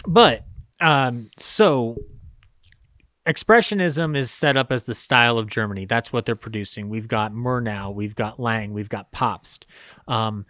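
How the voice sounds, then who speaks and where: A man's voice: medium pitch, a little slow, pushed and bright, dry recording, studio quality. A man co-hosting a podcast, talking casually about old films with many fillers and frequent laughs. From United States. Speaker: podcast co-host. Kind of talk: casual film discussion.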